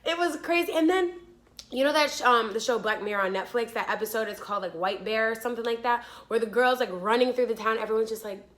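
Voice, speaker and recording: A young woman with a bright, fairly high voice tells a story to camera, animated and profane. Her delivery is breathless and vivid, full of fillers. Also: fast talker. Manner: animated, swearing, breathless retelling. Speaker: vlogger. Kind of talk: storytime vlog.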